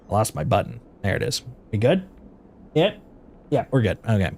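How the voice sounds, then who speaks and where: A streamer reads a narrative game aloud in an even, mid-pitched man's voice. He narrates with expression and drops into playful asides between passages. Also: a little fast.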